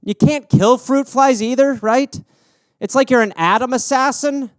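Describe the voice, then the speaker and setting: A man's voice: extremely high pitch, measured pace, clean tone, no echo, clean studio sound. A man in his thirties hosting a comedy podcast alone, riffing on listener suggestions, rambling and swearing, and slipping into silly voices.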